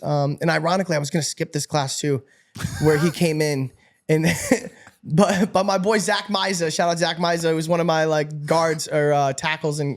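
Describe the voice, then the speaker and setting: Young male guest, rapid-fire and pumped up, higher-pitched voice, casual storyteller from upstate New York. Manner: energetic, animated, swears and laughs often. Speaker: podcast guest.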